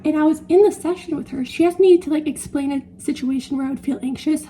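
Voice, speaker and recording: A woman's voice: sits high, fast talker, warm tone, slight background noise. A young woman in her twenties chatting casually in her home kitchen while she bakes, rambling and laughing at herself. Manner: rambling, self-deprecating, laughs often. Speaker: vlogger. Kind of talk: casual chatty baking vlog.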